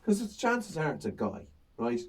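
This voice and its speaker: A man's voice: fairly high pitch, moderate pace, husky. Guy telling comedy stories, voice jumps all over, bit far from the mic. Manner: animated storytelling, acts out crowd banter. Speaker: stand-up comedian. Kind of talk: casual chat.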